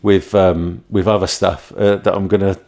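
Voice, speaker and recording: A man's voice: sits low, flat delivery, normal speed, a little mellow. Laughing man spinning pranks stories. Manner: rambling anecdotes, laughs often, acts out voices in quotes. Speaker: podcast host and former firefighter. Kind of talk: casual storytelling chat.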